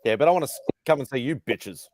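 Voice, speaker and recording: An Australian man hosting a casual online panel chat, talking in a relaxed, rambling way over a video call. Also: medium pitch, fast, no room sound, studio quality. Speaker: host.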